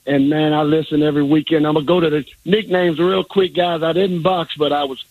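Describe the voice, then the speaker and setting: A man's voice: on the high side, steady tone, fairly quick, phone-quality sound. A man in his late sixties calling a sports radio show, chatty and eager. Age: 60s. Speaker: caller. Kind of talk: phone-in call.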